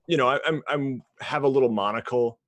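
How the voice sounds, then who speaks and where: A man's voice: medium pitch, brisk, no room sound. A man playing a character in a tabletop game, rambling with many hesitant fillers. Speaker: player.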